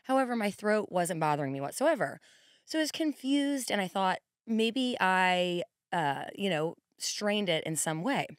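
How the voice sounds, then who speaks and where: A hoarse woman in her forties hosting a podcast, chatting casually and rambling with quick asides. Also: mid-range voice, expressive, dry recording, clean studio sound. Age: 40s. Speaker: podcast host. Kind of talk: casual monologue.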